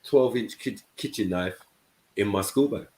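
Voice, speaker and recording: Casting note: very low male voice, casual storyteller, echoey room. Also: a little slow, dark tone. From England. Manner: storytelling, keeps checking in with "you know what I mean". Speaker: panel host. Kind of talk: casual panel chat.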